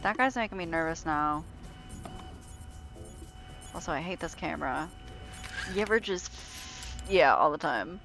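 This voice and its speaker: Chatty woman streamer, low-voiced. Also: soft background music. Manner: chatty, excitable, quick reactions and self-talk; playfully grumbling, swears often. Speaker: game streamer. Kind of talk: casual live-stream gameplay commentary.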